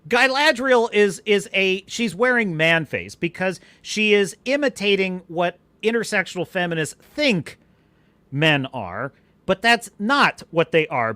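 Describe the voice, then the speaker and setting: Lively, bright-voiced ranting podcast host. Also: male voice, sits high, no room sound. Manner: scornful, animated ranting with bursts of laughter; reads viewer chat comments aloud. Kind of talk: live-stream commentary rant.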